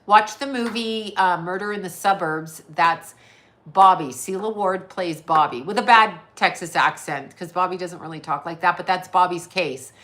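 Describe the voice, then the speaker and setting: Woman from Canada, middle-aged, bright clear voice, casual rambling livestream chat, swears, laughs, answers the chat. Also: fairly low pitch, moderate pace. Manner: rambling, tangential, swears freely, laughs often, reads chat comments aloud. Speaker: psychic medium and livestream host.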